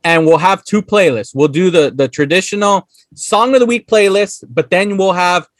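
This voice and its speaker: A man from the United States hosting a podcast in casual chat, excitable, laughing often and acting out scenes. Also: sits high, moderate pace, no room sound. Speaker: podcast host.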